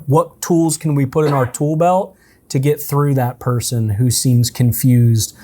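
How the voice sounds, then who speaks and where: A man leading a relaxed, conversational coaching session for a team, often checking in with his listeners. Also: mid-range voice, measured pace, a little hiss or hum. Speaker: sales trainer. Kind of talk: casual in-person coaching session.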